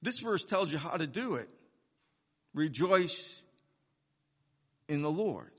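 A man's voice: on the high side, very animated, takes it slowly, husky, long reverb tail. A man preaching a Sunday sermon, driving his points home with repeated, emphatic phrases. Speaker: pastor.

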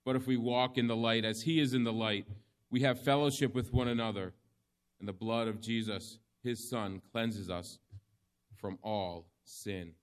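A man preaching a sermon, reading scripture in slow, measured phrases with emphatic pauses. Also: lowish voice, steady tone.

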